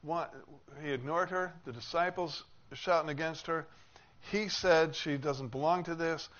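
A man's voice: fairly high pitch, a little slow. A man preaching a sermon, explaining a passage and acting out the people in it with rising emphasis. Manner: expressive, acts out quoted speakers with rising emphasis. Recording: slightly dull with faint noise.

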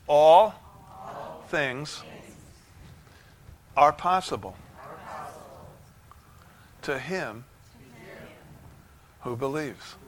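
A man preaching a sermon from the pulpit, fervent, swinging from low, quiet lines to shouted bursts of joy. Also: slight background noise. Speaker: pastor. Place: church sanctuary.

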